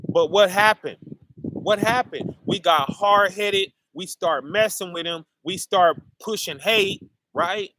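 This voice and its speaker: A man's voice: high voice, slow pace, bright, forceful tone. A man preaching in a casual street style, tossing "right?" and "y'all" to his listeners between points. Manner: preachy call-and-response, keeps asking "right?" and "y'all". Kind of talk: sermon.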